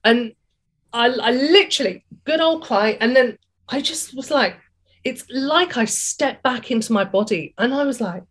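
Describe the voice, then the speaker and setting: A woman in her forties, telling her own story as a guest in an interview, chatty and animated, acting out her own thoughts and laughing often. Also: fairly high pitch, unhurried. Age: 40s. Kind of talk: candid personal story in a podcast interview.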